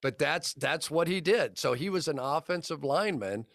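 A man's voice: fairly high pitch, expressive, normal speed, gravelly, a bit bright, dry recording, studio quality. A man in his fifties, a football broadcaster, telling rambling anecdotes on a podcast and acting out the dialogue. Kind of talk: casual podcast storytelling.

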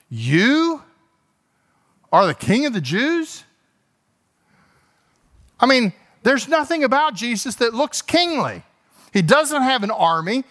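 Animated preacher explaining scripture. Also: male voice. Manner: explains verse by verse, voices the speakers in the text; rises in pitch and force as he builds. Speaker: pastor. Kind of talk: expository sermon.

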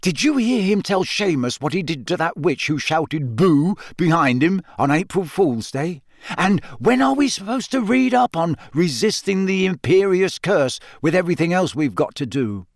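A man's voice: on the high side, big pitch swings, moderate pace, no echo, studio quality, voice pushed up. A man doing a jittery teen schoolboy. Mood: grumbling. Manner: nervous, grumbling. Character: jittery teenage schoolboy wizard.

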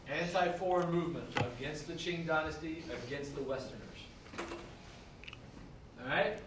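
Man teaching history, higher voice, recorded from far off in an echoey classroom with background noise. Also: a bit bright. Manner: conversational, checks in with students. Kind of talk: classroom lecture.

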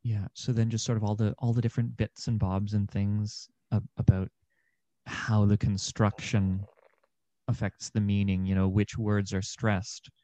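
A man's voice: on the low side, level tone, unhurried, dark tone, dry recording. A young man, an actor and podcast guest, talking through ideas in a thoughtful, meandering way with many fillers. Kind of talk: casual conversation.

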